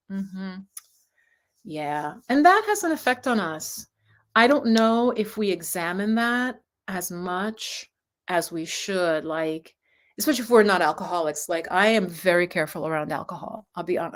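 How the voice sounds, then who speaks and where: Rambling, reflective woman host. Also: medium pitch. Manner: rambling, reflective, many restarts. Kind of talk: casual live chat.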